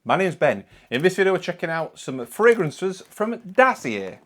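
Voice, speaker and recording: A man with a Northern English accent hosting a casual product review, chatty and relaxed with frequent ums and uhs. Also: high-pitched, moderate pace, slight background noise.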